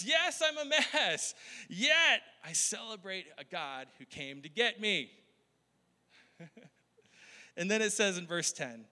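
A male pastor delivers a conversational sermon in a high, sharp voice, often laughing and putting questions to the crowd. A long hall reverb trails his words.

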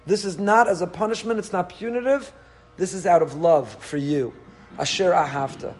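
A man teaching a Torah class, animated and full of rhetorical questions. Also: high-pitched, moderate pace. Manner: animated, rhetorical questions, mixes Hebrew and Yiddish terms. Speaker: rabbi teaching the weekly Torah portion.

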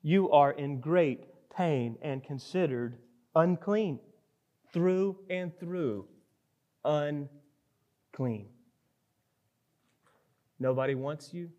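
A man's voice: fairly high pitch, expressive, extremely slow, long pauses, mellow, lo-fi sound. A man preaching a sermon, earnest and emphatic, reading scripture and then acting out a desperate plea. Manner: earnest, emphatic, acts out the leper's pleading. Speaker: pastor.

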